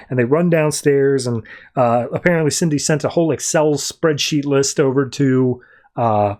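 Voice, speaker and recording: A man's voice: medium pitch, moderate pace, darkish tone. A man hosting a podcast, loosely summarizing a comic story in a conversational way with fillers and asides. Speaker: podcast host. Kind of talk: casual comic book recap.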